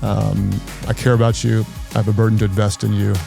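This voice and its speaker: A man's voice: lowish voice, little pitch movement, fairly quick, gravelly, over music. A man who is a pastor, hosting a leadership podcast in an earnest way and repeating key phrases for emphasis.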